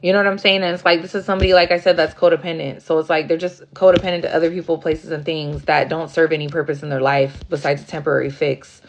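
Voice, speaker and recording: A woman's voice: sits low, little pitch movement, fast, creaky, few pauses, slight background noise. A woman giving a casual tarot reading, blunt and profane, acting out rowdy asides. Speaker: tarot reader.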